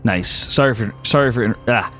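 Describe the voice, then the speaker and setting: A man's voice: mid-range voice, fairly quick, fairly bright tone, soft background music. A man narrating a tabletop game as game master, dramatically describing scenes.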